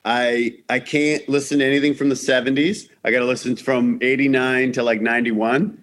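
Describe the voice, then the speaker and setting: Animated Canadian man telling stories. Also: mid-range voice, moderate pace. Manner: animated storytelling with many restarts and acted-out quotes. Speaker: guest comedian. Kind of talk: casual podcast chat.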